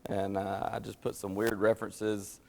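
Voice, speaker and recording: A man's voice: lowish voice, level tone, normal speed, gravelly. A tired man, chatting and telling stories before teaching a church Bible class, laughing at himself as he goes. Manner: chatty, self-deprecating, laughs at his own stories. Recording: long hall reverb.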